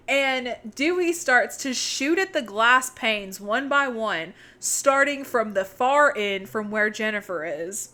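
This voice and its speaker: A young woman co-hosting a podcast, excitedly retelling a movie's plot in casual chat and swearing freely. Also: on the high side, a little slow. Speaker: podcast co-host.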